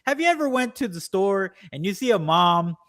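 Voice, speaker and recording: A man co-hosting a casual political podcast, ranting at length and mimicking people in quick quoted asides. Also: high-pitched, sing-song, a bit bright. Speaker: podcast co-host.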